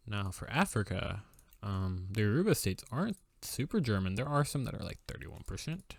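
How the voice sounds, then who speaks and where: A man's voice: fairly low pitch, sing-song, moderate pace, gravelly, no room sound. A young man casually commenting on his strategy game, musing aloud with fillers and wry asides.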